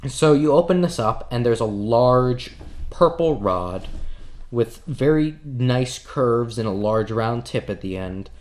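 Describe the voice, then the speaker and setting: A man narrating as game master at a tabletop game, describing scenes in a loose, joking manner. His voice sits at a middle pitch for a man. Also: lively intonation, takes it slowly, darkish tone.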